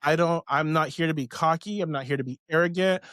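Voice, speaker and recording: A man's voice: a little high, quick pace, a bit bright, dry recording, studio quality. A man hosting a witchcraft live stream in a rambling, casual way, swearing freely and laughing often. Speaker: witchcraft podcast host.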